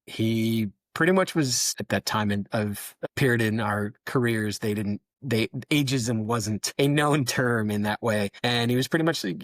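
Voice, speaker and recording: Low-voiced man, candid and reflective. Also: normal speed, few pauses, no room sound. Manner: candid, self-deprecating, storytelling. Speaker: photographer, podcast guest. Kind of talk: reflective interview talk.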